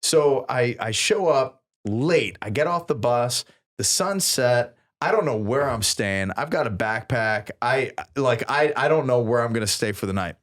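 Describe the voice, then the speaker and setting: A man co-hosting a podcast, telling a story in a casual, animated way and acting out the people he quotes. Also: medium pitch, measured pace, few pauses. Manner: animated, acts out quoted voices with big laughs. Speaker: podcast co-host. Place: podcast studio.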